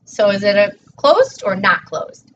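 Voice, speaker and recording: A woman's voice: medium pitch, big pitch swings, measured pace, fairly bright tone. Patient woman tutoring, distant dull recording. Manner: patient, encouraging, praises often. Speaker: teacher. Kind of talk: one-on-one phonics tutoring. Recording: distant dull mic with faint noise.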